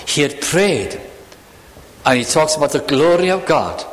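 Male preacher, sermon delivery, lively pitch, slow weighty pauses, church hall reverb. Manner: expressive, varied delivery with slow emphatic pauses.

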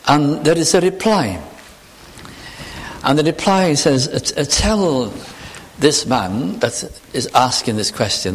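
Male preacher, earnest, lively intonation, lingers on scripture. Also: a little high. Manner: earnest, reads scripture slowly with emphasis. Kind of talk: sermon.

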